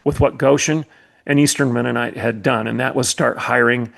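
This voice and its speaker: Medium in pitch and gravelly, his voice stays steady at a normal speed. The middle-aged podcast host, once a college president, gives a fervent commentary monologue, driving points home with a repetitive, sermon-like rhythm.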